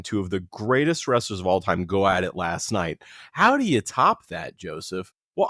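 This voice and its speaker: A man co-hosting a casual podcast, excitable and joking, swearing freely. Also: mid-range voice, no echo, studio quality. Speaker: podcast co-host. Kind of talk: casual chat.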